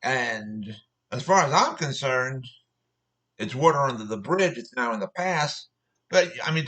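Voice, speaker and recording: A man's voice: medium pitch, lively intonation, a little slow, bright, forceful tone, low-quality recording. A man telling a personal story as an angry, profane rant, repeating himself.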